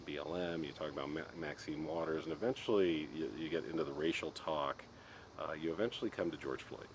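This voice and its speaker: A middle-aged man with a very low, deep voice rants in a loose, exasperated monologue, stumbling and restarting as he talks. Clear background noise hums behind him. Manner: exasperated ranting, frequent restarts and laughs. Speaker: podcast host. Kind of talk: casual monologue. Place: Colorado. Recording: noisy background.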